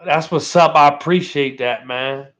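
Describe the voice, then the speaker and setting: A man's voice: fairly high pitch, measured pace, a bit bright. A man hosting a casual live stream from home. He chats with viewers in a laid-back way, keeps thanking them and ends his phrases with "man". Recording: dull lo-fi stream audio.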